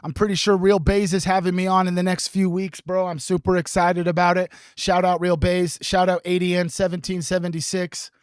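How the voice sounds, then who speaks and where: A man's voice: high-pitched, level tone, a little fast, few pauses, dry recording. Chatty male livestream host, dry close sound. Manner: rambling, swears, many restarts, frequent throat clearing. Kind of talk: casual livestream chat. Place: home streaming setup.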